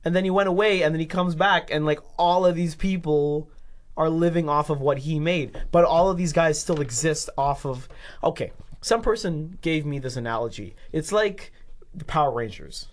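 This podcast host talks in long, looping tangents, swearing freely and breaking into laughter mid-thought. The pitch sits mid-range, and the delivery stays loose and conversational. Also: moderate pace. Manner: rambling, animated, swears, laughs mid-sentence. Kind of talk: casual chat.

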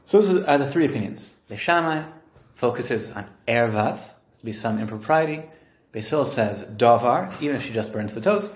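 A man's voice: mid-range voice, brisk. A man teaching Talmud in an echoey room. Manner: lively explaining, acts out quotes. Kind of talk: Talmud study lesson. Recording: roomy echo.

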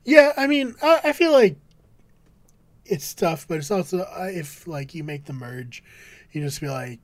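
Higher-voiced man with a dry, close sound. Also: animated, measured pace, no echo. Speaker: podcast co-host. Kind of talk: casual recap discussion.

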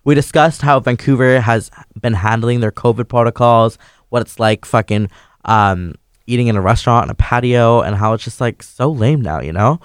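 A man's voice: mid-range voice, moderate pace, smooth, dry recording. Guy hosting a podcast, cursing every other word, dry studio mic. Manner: profane, swears constantly. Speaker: podcast host. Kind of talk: casual podcast chat. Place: small stuffy studio.

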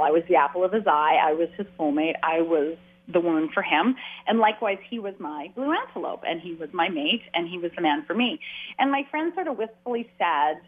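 A woman's voice: mid-range voice, slightly rough. Chatty woman on a tinny line. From Canada. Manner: chatty, rambling with frequent restarts. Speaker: author and guest. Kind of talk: casual interview conversation.

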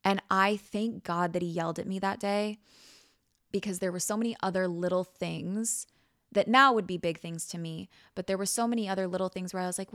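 Frank young woman podcast host, smooth voice. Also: medium pitch, a little fast, no room sound, studio quality. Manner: frank and animated, acts out quoted lines, swears casually. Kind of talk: candid personal storytelling.

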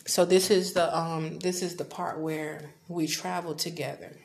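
Earnest, gravelly woman in her thirties. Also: low-pitched, steady tone, measured pace, darkish tone. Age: 30s. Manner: earnest, confessional, drops to a whisper at moments. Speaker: podcast host. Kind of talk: personal faith podcast talk. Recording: echoey room with faint background noise.

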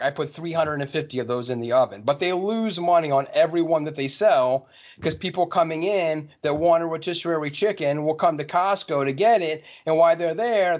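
A man co-hosting a casual podcast, explaining things step by step with a chuckle and a few restarts. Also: a little high. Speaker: podcast co-host. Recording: dull lo-fi audio.

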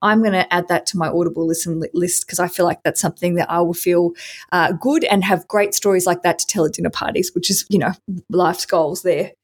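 A woman's voice: fairly low pitch, a little fast, slightly rough. A woman hosting a podcast, wrapping up an interview with enthusiastic praise and laughter. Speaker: podcast host.

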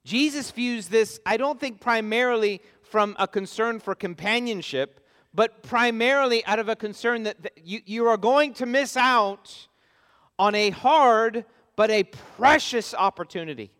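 A man's voice: high voice, a little slow, a bit bright. A pastor preaching an expository sermon, earnest and emphatic as he stresses his key points. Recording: long reverb of a large hall.

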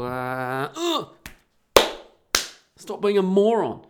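A man's voice: a little high, lively intonation, takes it slowly, slight background noise. A man hosting a solo podcast, talking in a blunt, sweary, sarcastic way. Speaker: podcast host.

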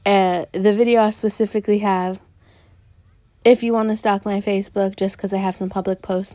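A young adult woman podcaster, ranting casually and profanely about dating, with lots of swearing and animated jumps in tone. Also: medium pitch, moderate pace, dry recording.

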